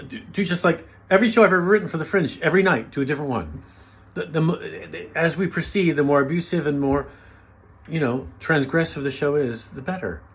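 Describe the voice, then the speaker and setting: A middle-aged man speaks in an ordinary mid-range voice, running a sardonic stand-up monologue. His delivery is campy and self-mocking, and his sarcasm lands deadpan. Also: medium pitch, slight background noise. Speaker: stand-up comedian.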